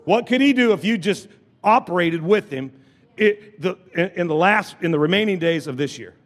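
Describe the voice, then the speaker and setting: A man's voice: sits high, animated, moderate pace, in a large hall. A man preaching a sermon from the pulpit, leading call-and-response with the congregation, repeating phrases and restarting sentences. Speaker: pastor. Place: church sanctuary with congregation.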